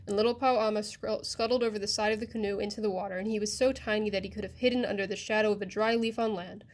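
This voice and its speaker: Woman storyteller, expressive, children's fable, talks to listener. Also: medium pitch, quick pace. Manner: expressive, addresses listener directly. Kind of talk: reading a children's story aloud.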